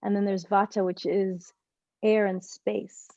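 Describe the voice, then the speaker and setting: A woman's voice: medium pitch, a little slow, muffled recording. A woman relationship coach leading a group session over a video call, explaining in a rambling way and often restarting her sentences. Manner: rambling, self-correcting, animated explanations.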